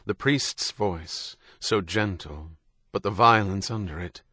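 A man narrating a novel in a measured, even storytelling manner. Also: low voice, no echo, studio quality. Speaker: audiobook narrator. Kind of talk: scripted narration.

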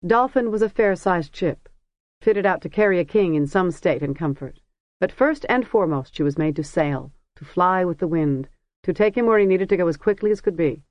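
An audiobook narrator reading a novel in a measured, even storytelling manner. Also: mid-range voice, dry recording, lo-fi sound. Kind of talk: scripted narration.

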